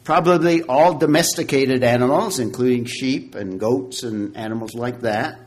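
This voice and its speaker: A man giving a Bible lecture, slow and measured, with emphatic points and frequent pauses. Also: medium pitch. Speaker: Bible teacher.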